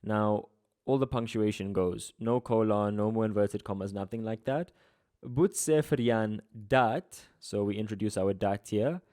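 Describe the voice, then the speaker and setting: A young man, tutoring through an exam paper in a relaxed, slangy, chatty way. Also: fairly low pitch, unhurried. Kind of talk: casual exam walkthrough.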